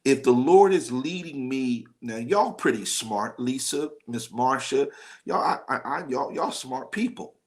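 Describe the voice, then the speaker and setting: A man's voice: medium pitch, lively intonation, unhurried. A man preaching a live-streamed sermon as pastor, conversational and exhorting, calling on his listeners by name. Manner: exhorting, conversational, calls on the audience.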